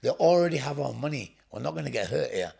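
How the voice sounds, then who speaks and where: A man's voice: mid-range voice, animated, quick pace, gravelly, darkish tone, slightly rough. A man from England, a podcast guest, telling his story bluntly, swearing often and acting out what people said. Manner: blunt, swearing, acts out dialogue. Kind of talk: storytelling interview.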